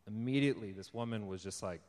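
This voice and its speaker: Speaking fast in a lowish, slightly mellow voice, a young man shares his testimony as an informal sermon before a live crowd. He laughs a lot while telling his story like a conversation, then rises to fervent encouragement, and the recording has a long hall reverb.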